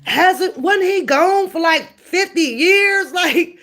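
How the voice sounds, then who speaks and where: Slow-talking chatty woman streamer. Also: very high-pitched, a bit bright. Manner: chatty, reads and answers viewer comments. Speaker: commentary streamer. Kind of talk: casual live-stream chat.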